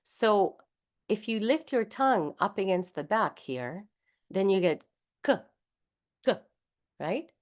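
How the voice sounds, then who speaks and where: This workshop leader has a Spanish accent and a mid-range, expressive voice, speaking a little slowly. She guides an online voice session by video call, demonstrating each speech sound aloud with patience as she talks it through.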